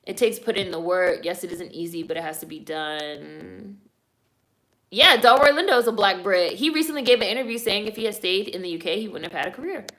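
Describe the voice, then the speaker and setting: A woman with a bright, sharp tone running a live stream. She reads viewer comments out loud and answers them in blunt, opinionated bursts. Her talk is loose and profane, full of "like" and "y'all". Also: mid-range voice, animated, quick pace, hardly any pauses. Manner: blunt, opinionated, frequently swearing.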